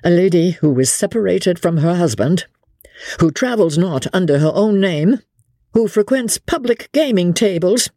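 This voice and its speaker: A woman voicing a grave, honorable male army officer who speaks haughtily and haltingly. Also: lowish voice, lively intonation, warm tone, dry recording, studio quality, pitched above the performer's own voice. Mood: stern.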